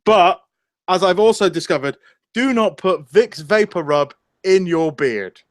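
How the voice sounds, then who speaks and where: A man's voice: high-pitched, lively intonation, a little slow, no room sound. A man co-hosting a casual chat, joking crudely and wandering off on tangents. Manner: crude, jokey, goes off on tangents. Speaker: podcast co-host.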